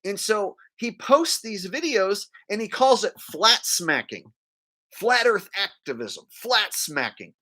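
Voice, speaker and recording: Animated ranting man, bright voice. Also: high-pitched, slow pace. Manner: animated, blunt, ranting, many fillers. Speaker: streamer. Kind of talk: live-stream rant.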